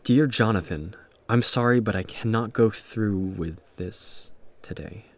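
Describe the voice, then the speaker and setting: An actor playing a distraught, stammering jilted groom in an audio drama. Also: male voice, fairly low pitch, unhurried, natural voice. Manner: stammering, overwhelmed.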